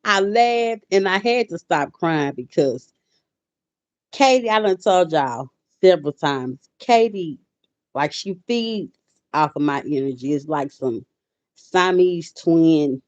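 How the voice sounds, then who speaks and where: A woman in her forties talks to her viewers in a casual livestream, heartfelt and chatty, often stopping to greet people. Her voice sits low and close. The sound is dry and slightly dull, like a lo-fi stream. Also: expressive, slow, no room sound. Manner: emotional, softening to quiet. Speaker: livestream host. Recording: dull lo-fi audio.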